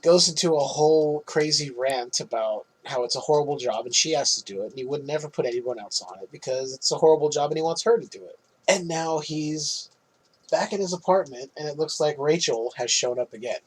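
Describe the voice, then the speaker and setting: A man hosting a casual podcast, recapping a movie scene by scene. His voice is a little high and husky. He swears freely and laughs easily. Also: fairly quick, low-quality recording. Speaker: podcast host.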